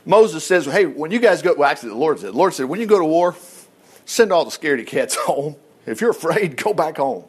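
A high-voiced man preaching with a lively, swinging delivery. He reads scripture aloud and keeps breaking in with jokey, mocking asides. His pitch leaps up and down as he teases his listeners. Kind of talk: sermon.

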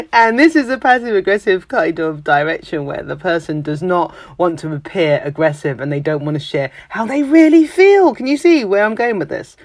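A speaker from London with a London accent, talking in a casual monologue, emphatic and expressive, often mimicking everyday phrases. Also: mid-range voice, dry recording. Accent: London English. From London, England.

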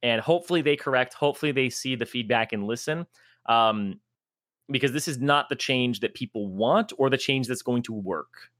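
A man's voice: mid-range voice, normal speed, no room sound, studio quality. A man co-hosting a casual gaming podcast, ranting in an exasperated way, swearing freely and laughing at his own jokes. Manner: swearing, exasperated, animated rants with laughing asides. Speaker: podcast co-host, former esports commentator.

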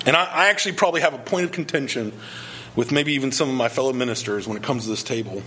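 A man's voice: medium pitch, quick pace, sharp tone, a little hiss or hum. A male pastor preaching a sermon, earnest and emphatic, pressing his point with repeated rhetorical questions.

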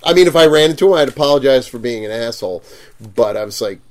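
Talking fast in a medium-pitched voice, a man who works as a convention vendor tells the story of a clash with a customer in casual chat. He performs the quotes with gusto, curses freely and keeps breaking into laughter.

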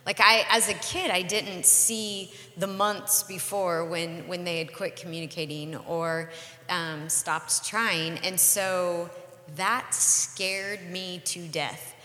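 Co-host: woman in her 40s, bright and earnest, candid storyteller, roomy reverberant sound. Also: lowish voice, fairly even intonation. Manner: earnest, reflective, measured. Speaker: podcast co-host.

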